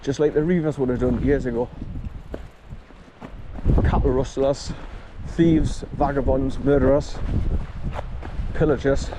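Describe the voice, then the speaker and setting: A man films a casual walking vlog on a chest-harness camera, strolling through windy drizzle beside wind and rushing water. His mid-range voice has fairly even intonation as he chats and talks to his dog between remarks, with strong wind noise on the mic.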